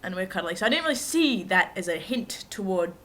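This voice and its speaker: A woman's voice: mid-range voice, very animated, fairly quick, a bit bright, slight background noise. Chatty self-mocking young woman. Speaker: vlogger. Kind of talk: casual storytelling to camera.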